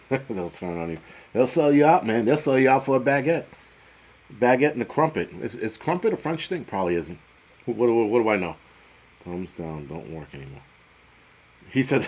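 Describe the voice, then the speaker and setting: A man in middle age talks loosely to his livestream viewers, swearing freely and wandering between jokes and the topic. His voice sits at an ordinary middle pitch, and he jumps abruptly between loud bursts and muttered asides. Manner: profane, rambling, jokey, quick swings in loudness. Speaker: livestream host. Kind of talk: casual livestream chat reading viewer comments.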